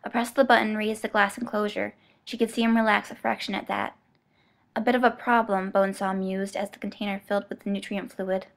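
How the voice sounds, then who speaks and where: A woman with a mid-range voice narrates an audiobook from a script, using a measured, even storytelling manner.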